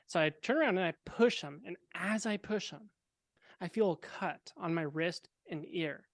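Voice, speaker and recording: A young man, a podcast guest, telling a personal story in a relaxed, casual way with wry, deadpan dark humor. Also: sits high, moderate pace, no echo.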